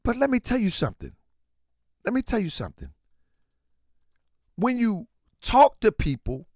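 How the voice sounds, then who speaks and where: A man hosting a show and giving a casual commentary monologue. He tells stories in an animated way and keeps saying "man". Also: very high-pitched, no echo, clean studio sound. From Baltimore. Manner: animated storyteller, repeats "man" often. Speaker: show host.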